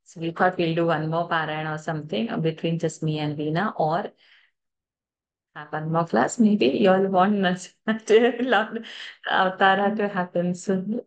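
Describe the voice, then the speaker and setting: A woman's voice: lowish voice, fairly even intonation, unhurried. A woman teaching a scripture chanting class over a video call, chatting casually, laughing often and trailing off mid-sentence. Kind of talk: casual online class chat.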